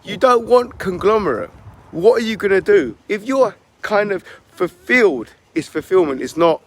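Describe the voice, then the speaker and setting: A man with a high speaking voice reflects on his coaching work in a casual monologue. His phrasing is loose and often restarts. His delivery is relaxed and conversational. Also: normal speed. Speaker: fitness and business coach.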